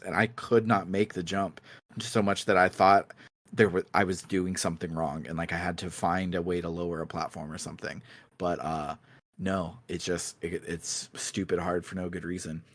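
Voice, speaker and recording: Co-hosting a video game podcast, a man rambles in an easygoing, laid-back style and laughs frequently while talking at a moderate pace. He has a slightly low voice, captured close up in a dry recording without room sound.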